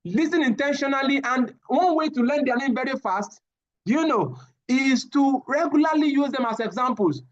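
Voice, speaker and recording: A man, giving a live safety training lecture, animated and often repeating his words as he addresses the class. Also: extremely high pitch, normal speed, lo-fi sound.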